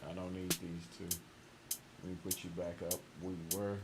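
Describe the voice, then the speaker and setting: A man producer talking casually to himself while he mixes a beat, relaxed and muttering, with louder asides to his viewers. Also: low voice, normal speed, over loud music. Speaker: music producer streaming a mixing session. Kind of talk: casual talk-through while mixing a beat. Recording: loud background noise.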